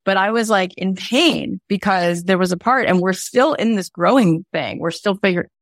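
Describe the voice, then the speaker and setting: A woman's voice: mid-range voice, moderate pace, few pauses, dry recording, studio quality. A woman hosting a candid podcast conversation, telling stories animatedly, laughing and acting out quotes. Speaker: podcast host.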